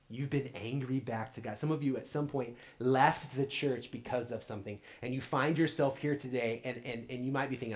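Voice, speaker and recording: A man in his thirties giving a sermon in a church. He tells a family story in an earnest way, often repeats his first words, and swings between loud and hushed. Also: medium pitch, fairly even intonation, brisk, hardly any pauses, poor audio. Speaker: pastor. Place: church sanctuary.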